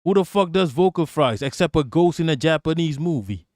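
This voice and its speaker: A man's voice: fairly high pitch, expressive, a little fast, a little mellow, no echo. Profane mocking male streamer, dry mic. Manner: profane, mocking, laughs often. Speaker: live stream host. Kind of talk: casual reaction rant.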